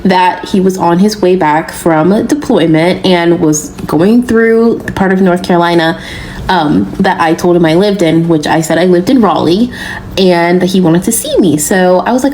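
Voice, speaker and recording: A woman's voice: fairly low pitch, normal speed, darkish tone, a little hiss or hum, poor audio. A young woman with a Southern accent telling a story in a candid, self-mocking, wry way. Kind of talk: casual storytime to viewers.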